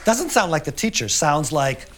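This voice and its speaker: A storyteller voicing a brash young girl in a live children's story, with loud, high, drawn-out lines. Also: very animated, natural voice. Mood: exasperated. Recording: live recording with audience noise.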